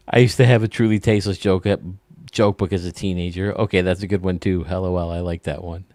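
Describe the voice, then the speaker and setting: A man's voice: deep voice, brisk, darkish tone, dry recording, clean studio sound. A male host casually telling dirty jokes and chuckling at his own punchlines. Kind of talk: casual joke-telling chat.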